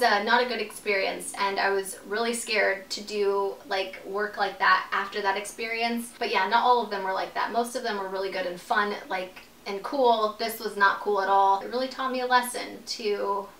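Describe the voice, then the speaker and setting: A woman's voice: a little high, sharp tone. A young adult woman telling a storytime vlog in a casual, profane way, full of "like". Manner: casual, profane, heavy use of "like". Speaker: vlogger. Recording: echoey room, mic at a distance.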